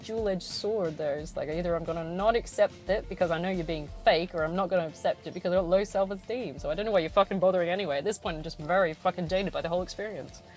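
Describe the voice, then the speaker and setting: A woman's voice: on the low side, quick pace, few pauses, soft background music, poor audio. A woman hosting a casual podcast from her car, talking bluntly with frequent swearing and laughter. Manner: blunt and sweary, laughs often, mimics others in sing-song voices. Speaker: podcast host. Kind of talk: casual monologue.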